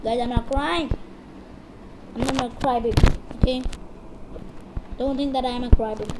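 A woman hosting her own gaming channel, giving excitable live commentary on a match and repeating phrases in sudden bursts. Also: fairly high pitch, normal speed, very noisy.

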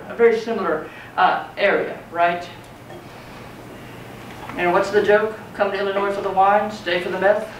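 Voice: medium pitch, fairly bright tone. A poetry teacher giving a conversational classroom lecture, often checking in with the students. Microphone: far from speaker. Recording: roomy classroom, mic far off, faint noise.

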